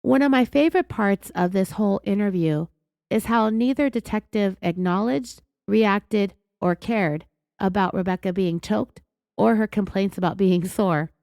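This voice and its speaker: Raspy californian woman, true crime host. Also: medium pitch, measured pace, a little mellow, no echo, clean studio sound. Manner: indignant, sarcastic storytelling. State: raspy from being sick. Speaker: podcast host. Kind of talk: true crime podcast commentary.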